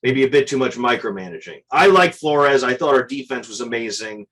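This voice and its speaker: A man's voice: mid-range voice, expressive, fairly bright tone. A man co-hosting a sports talk show, chatting casually and arguing his opinions with conviction. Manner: opinionated, quick to argue his points.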